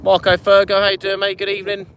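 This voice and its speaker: A man's voice: high voice, monotone, quick pace, fairly bright tone. A man hosting a live fishing stream from a small inflatable boat at night, chatting and greeting viewers by name. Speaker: fishing channel host. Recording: wind noise on an open boat. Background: wind and water.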